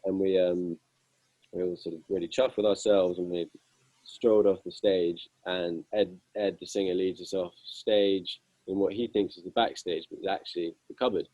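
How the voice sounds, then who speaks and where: A young man with a husky voice, telling self-deprecating band stories with lots of fillers in a casual interview. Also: deep voice, steady tone, normal speed, mellow, highs cut off, a little hiss or hum. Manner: self-deprecating, amused, rambling with many fillers. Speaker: guitarist guest.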